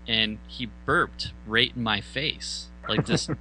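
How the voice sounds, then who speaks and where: A man casually telling a band story, swearing often and acting out loud outbursts. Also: mid-range voice, slow pace, a little hiss or hum, poor audio. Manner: profane, animated retelling with loud mock outbursts.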